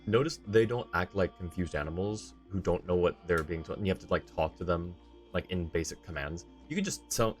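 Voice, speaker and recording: A tired man casually commenting on a video game as he plays, laid-back and thinking out loud, with chuckling asides. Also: low voice, a little fast, soft background music. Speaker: streamer.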